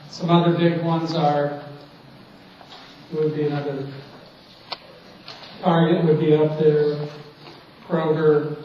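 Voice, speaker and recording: A man's voice: a little high, slight background noise. Rambling man lecturing in an echoey hall. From St. Louis, United States. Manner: rambling, conversational, restarts words. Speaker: college marketing lecturer. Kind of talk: classroom lecture with personal anecdote. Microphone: distant room mic. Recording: echoey distant lo-fi hall recording.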